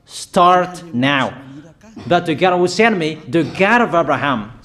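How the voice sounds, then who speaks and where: Preacher, male, higher-pitched, slow and emphatic, declaiming prophecy. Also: animated, fairly bright tone. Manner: declaiming, emphatic, repeats warnings, halting fillers. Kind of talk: prophetic sermon.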